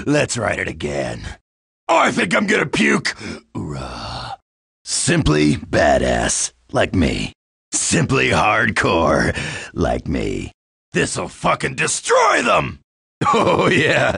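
This full character voice plays a cocky, middle-aged American marine in a video game, a brash loudmouth full of crude taunts and bravado. His mid-range voice is raspy and gravelly with a bright, hard edge, and he mostly shouts in slow, deliberate bursts.

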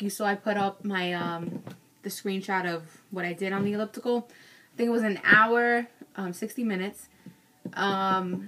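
A woman's voice: medium pitch, a bit bright. A young adult woman ranting casually in a vlog, frank and self-mocking, cursing freely. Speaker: vlogger.

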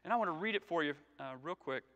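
Animated preacher man in a reverberant church. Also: a little high, fast, highs cut off. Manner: animated, conversational, jokes with congregation. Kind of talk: sermon. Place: church sanctuary.

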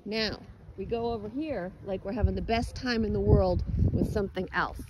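A woman's voice: medium pitch, normal speed, background noise. Woman dog trainer coaching outdoors. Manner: directive, encouraging coaching. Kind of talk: hands-on coaching and explanation. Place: outdoors on a lawn.

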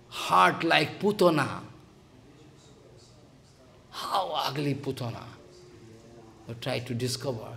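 A man's voice: high voice, creaky. A man with a Bengali accent giving a devotional sermon as a spiritual teacher, emphatic and scolding, repeating phrases and acting out quotes.

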